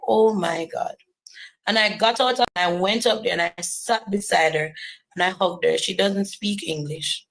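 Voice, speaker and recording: Earnest woman with a gravelly voice. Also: mid-range voice, fairly bright tone, rough recording. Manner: earnest, emphatic, repeats phrases for weight. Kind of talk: personal testimony to camera.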